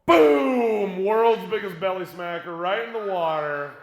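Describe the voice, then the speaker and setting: Male youth speaker with a high voice; lively, jokey storyteller to middle schoolers, recorded in a roomy church space. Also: unhurried, vocal fry, a crowd in the background. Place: church conference room with an audience. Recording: echoey room.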